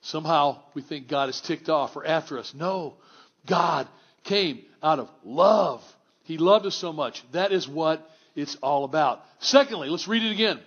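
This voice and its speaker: High-voiced pastor preaching. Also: male voice, normal speed, husky, muffled recording. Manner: conversational, wry, swings from hushed to exclamatory. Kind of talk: sermon. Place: church in front of a congregation.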